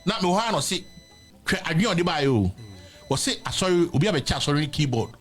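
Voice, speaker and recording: Ghanaian guy rattling off a story real fast, kinda high voice, faint music behind. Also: husky. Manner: animated, mixes Twi and English. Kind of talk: casual storytelling chat.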